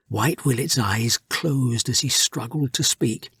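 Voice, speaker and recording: A man narrating an adventure audiobook, reading in a lively, unhurried scripted storybook style. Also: mid-range voice, breathy edge, dry recording, studio quality.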